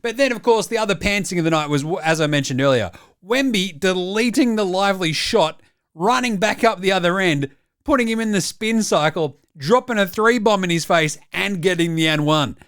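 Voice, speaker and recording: An Australian man hosting comedic sports highlights, with cheeky, mocking banter. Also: animated, moderate pace, fairly bright tone, smooth. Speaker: host.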